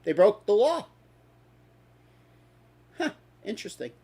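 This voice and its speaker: A man's voice: high-pitched, big pitch swings, slow, mellow, breathy edge. A man hosting a talk stream, ranting in an angry, sarcastic and profane way. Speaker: host.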